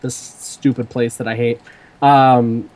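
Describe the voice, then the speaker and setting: A man's voice: mid-range voice, flat delivery, slow pace, a little mellow. A young man hosting a podcast, telling a rambling story in casual chat with lots of fillers. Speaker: podcast host.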